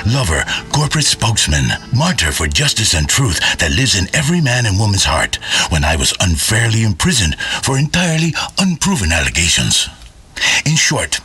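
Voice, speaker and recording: An actor playing a grandiose, boastful male talk radio host with a raspy voice, in a game radio comedy. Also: sits low, sharp tone, no echo, full character voice. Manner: pompous, boastful, theatrical.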